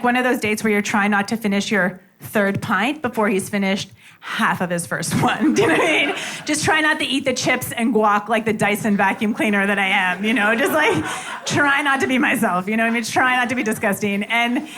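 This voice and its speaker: A woman doing a stand-up comedy set, telling a story with lots of fillers in an animated, chatty way. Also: mid-range voice. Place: comedy club stage with audience laughing. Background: audience laughter.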